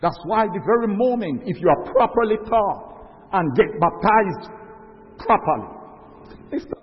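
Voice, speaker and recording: A man's voice: high voice, expressive, moderate pace. A man preaching a sermon, emphatic, stretching out the words he stresses. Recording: dull lo-fi recording with long hall reverb.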